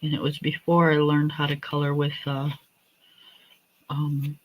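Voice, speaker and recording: A woman hosting a livestream from home, chatting in a meandering, relaxed way. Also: low voice, measured pace, rough recording. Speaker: livestream host. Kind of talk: casual chat.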